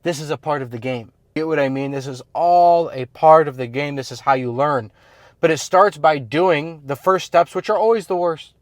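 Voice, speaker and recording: Male self-improvement coach, blunt casual monologue, slightly high voice, dry sound. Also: normal speed, no room sound. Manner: blunt, slangy, filler-heavy talk.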